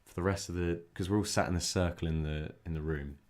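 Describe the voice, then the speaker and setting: A young man co-hosting a podcast, soft-spoken and a bit mumbly in casual chat. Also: low voice, steady tone, quick pace. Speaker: podcast co-host.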